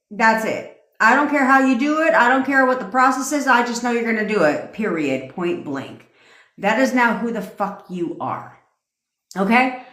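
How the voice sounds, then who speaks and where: A woman's voice: medium pitch, fairly bright tone. A woman manifestation coach in a livestream rant, blunt and profane, talking in a commanding way. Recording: echoey room.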